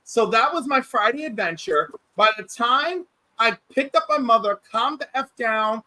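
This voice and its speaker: A man hosting a livestream, telling stories in a casual, animated way and acting out quotes. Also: extremely high pitch, moderate pace, no room sound, rough recording. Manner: animated, acts out quotes, many restarts. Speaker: livestream host. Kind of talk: casual storytelling chat.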